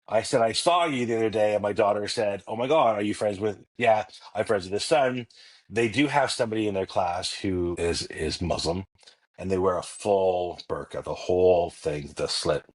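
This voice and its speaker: Lowish-voiced man telling comic stories. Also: moderate pace. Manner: anecdotal, comic, acts out dialogue. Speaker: podcast guest. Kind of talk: casual storytelling chat.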